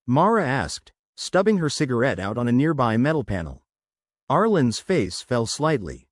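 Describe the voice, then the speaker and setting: A man narrating a science fiction story in a scripted, expressive reading. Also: medium pitch, moderate pace, no echo, studio quality.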